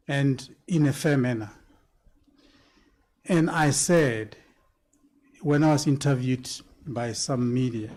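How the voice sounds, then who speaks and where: A man answering a question on a panel, deliberate and emphatic, sometimes repeating words. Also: medium pitch, a little mellow. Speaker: panel speaker at a public event.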